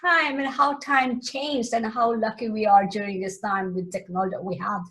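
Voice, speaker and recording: A woman's voice: medium pitch, steady tone, normal speed, fairly bright tone, slight background noise. A woman hosting a casual interview, speaking with enthusiasm and laughing as she talks.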